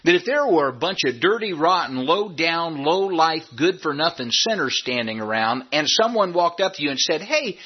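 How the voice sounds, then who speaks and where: A pastor preaching a sermon in a church, folksy and humorous, with emphatic rising peaks. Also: male voice, fairly high pitch, expressive, moderate pace, few pauses, husky, dull audio. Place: church sanctuary.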